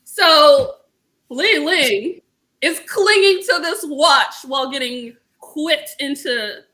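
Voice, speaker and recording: Young woman w a bright voice, chatty, acts out quotes and swears a lot. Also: high voice, slow. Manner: animated retelling with swearing and acted-out quotes. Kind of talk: casual chat.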